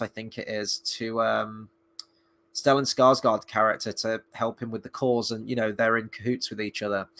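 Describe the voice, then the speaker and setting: A man's voice: medium pitch, a bit bright. A man reviewing a TV episode in casual live-stream chat, enthusiastic and opinionated as he thinks aloud. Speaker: film and TV reviewer.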